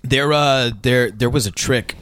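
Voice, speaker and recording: A man co-hosting a casual chat, telling an anecdote in a halting way, with many restarts and fillers. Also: medium pitch, a bit bright, slight background noise. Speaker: podcast co-host.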